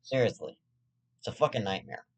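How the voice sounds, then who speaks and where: A man's voice: low-pitched, big pitch swings, fairly quick, creaky, breathy edge. A man hosting his own web show, delivering a rambling comedic rant full of swearing and restarts. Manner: profane, rambling, with frequent restarts.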